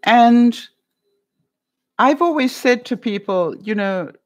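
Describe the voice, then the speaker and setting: A woman's voice: a little high, expressive, takes it slowly, a little mellow. A middle-aged woman hosting a live stream, chatting casually with viewers in a rambling way, with frequent laughs and many fillers. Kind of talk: casual chat reading viewer comments.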